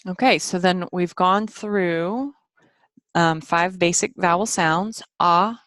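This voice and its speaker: A woman with a low voice teaches a screen-share phonics lesson. She speaks slowly and patiently, repeating each sound. The recording is dry, with no room echo. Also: fairly even intonation, a bit bright.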